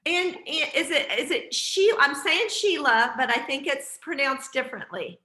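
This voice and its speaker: Bright encouraging woman on a call. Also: sits high, lively intonation, moderate pace, echoey room. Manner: chatty, encouraging, with fillers. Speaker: team leader hosting a video call. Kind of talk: casual team call. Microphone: video call.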